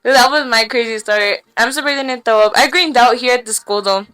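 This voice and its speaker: A woman's voice: fairly high pitch, fairly quick, pushed and bright. A young woman telling wild stories on a casual podcast, slangy and full of swearing, laughing as she goes. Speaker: podcast guest. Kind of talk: casual storytelling. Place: small room with podcast lights and mic.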